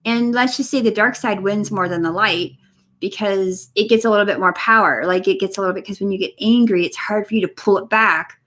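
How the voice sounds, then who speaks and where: A young woman giving a spiritual energy reading on a live stream, talking softly and encouragingly to viewers by name from a room at home. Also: medium pitch, fairly quick. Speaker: energy reader. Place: home room next to her computer.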